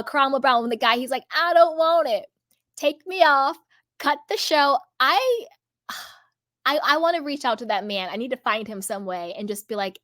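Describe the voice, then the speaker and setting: A woman's voice: medium pitch, fairly bright tone, dry recording, studio quality. A young woman hosting casual reality TV commentary, sassy and emphatic, repeating her points for effect. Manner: emphatic, repetitive, sassy and chatty. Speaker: host.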